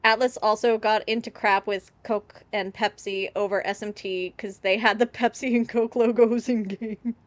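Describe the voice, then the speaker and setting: A woman's voice: mid-range voice, steady tone, moderate pace, few pauses, no echo. A woman streaming a game live, rambling through chatty tangents and laughing often. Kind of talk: casual live gameplay commentary.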